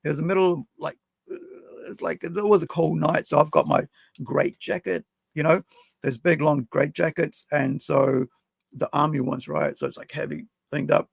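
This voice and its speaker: A man on a podcast telling a personal story in a rambling, halting way, full of fillers. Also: fairly high pitch, fairly even intonation, gravelly, husky, no room sound. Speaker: podcast co-host.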